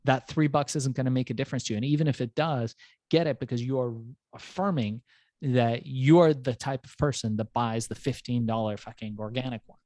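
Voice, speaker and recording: A man's voice: mid-range voice, brisk, darkish tone, dry recording. A man hosting a podcast, telling stories in a rambling, casual way and swearing now and then. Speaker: podcast host.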